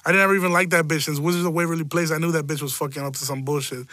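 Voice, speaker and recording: A man's voice: fairly high pitch, steady tone, rapid-fire, bright, forceful tone, no room sound. A young man, hosting a casual solo rant, rambling and swearing, often breaking into laughter. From Chicago. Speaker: podcast host.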